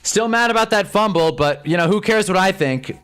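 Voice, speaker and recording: A young man commentating live on football games for his stream, ranting at the refs and reacting fast to each play. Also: high-pitched, lively intonation, a bit bright, smooth, soft background music. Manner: frustrated, ranting, quick reactions. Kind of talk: live sports watch-along commentary.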